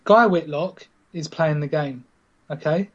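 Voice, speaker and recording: A man's voice: a little high, measured pace. A man hosting a gaming podcast in casual chat, playful and teasing, leading the talk. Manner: playful, teasing, animated storytelling. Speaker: podcast host. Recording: slightly dull lo-fi sound.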